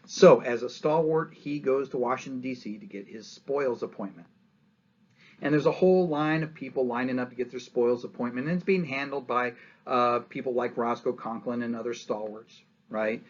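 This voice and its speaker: A man giving a history lecture as a lively story, acting out quotes and often asking "right?". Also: medium pitch, lo-fi sound.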